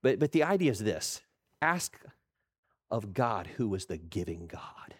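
Animated male preacher with lively pitch. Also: a little slow, breathy edge. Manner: animated, acts out quoted voices with stammering restarts. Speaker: pastor. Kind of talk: sermon.

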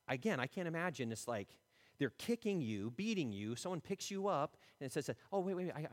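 A male pastor preaching with a lively, swooping delivery, his voice lifting and dropping as he acts out quotes. He chuckles now and then between points. The sound carries a long reverb, as in a large church hall. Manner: animated, acts out quotes with shifting pitch and loudness. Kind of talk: sermon.

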